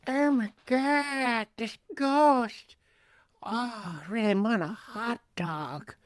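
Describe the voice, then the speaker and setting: A woman's voice: on the high side, extremely slow, no echo, clean studio sound. A woman putting on a swooning, dreamy voice of a woman craving hot dogs, drawing out her sighs.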